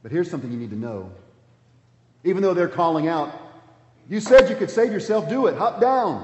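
A man preaching a sermon, with emphatic delivery that swings between loud calls and hushed words. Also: on the high side. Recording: dull, echoey hall sound.

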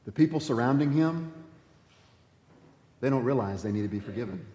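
A man pastor preaching a sermon, swinging between emphatic points and hushed, quiet passages. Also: mid-range voice, expressive, moderate pace. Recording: echoey hall, dull sound.

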